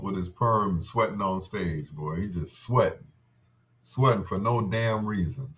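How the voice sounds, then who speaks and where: A man's voice: low-pitched, measured pace. A man hosting a show, telling comic stories in a rambling way, laughing often and slipping into voices. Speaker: host. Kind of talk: comedic storytelling monologue.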